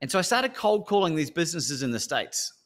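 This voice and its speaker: A man's voice: fairly high pitch, big pitch swings, brisk, fairly bright tone. An Australian man, a speaker and coach, telling a story as an interview guest and acting out the phone calls.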